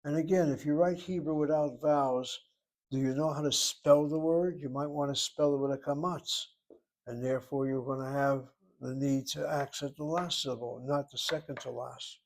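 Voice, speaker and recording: A man's voice: a little high, steady tone, moderate pace. A man teaching a Hebrew class, explaining words and grammar step by step. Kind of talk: classroom lecture.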